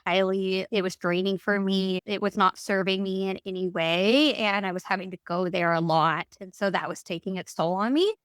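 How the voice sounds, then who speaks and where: A woman speaking as a podcast guest, telling her story in a candid, expressive way. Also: mid-range voice, moderate pace, few pauses, clean tone, no echo. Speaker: guest, breathwork guide. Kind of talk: podcast interview.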